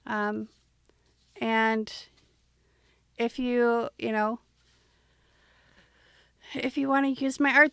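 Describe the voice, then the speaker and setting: Livestream host, female, smooth and close-miked, rambling casual chatter. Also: on the high side, fairly bright tone, no room sound. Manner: rambling, thinks aloud with fillers.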